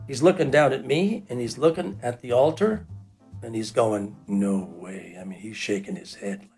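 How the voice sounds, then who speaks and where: Over soft background music, a medium-pitched man at a normal pace recounts a personal story in a relaxed, rambling style. He leans on fillers such as "you know" and animatedly performs the voices of those he quotes.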